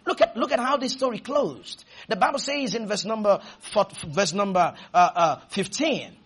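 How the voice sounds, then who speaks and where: A man preaching a sermon, leading call-and-response, breaking into shouts and drawing out words for emphasis. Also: high-pitched, expressive, slightly rough. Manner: slows to stretch words for emphasis.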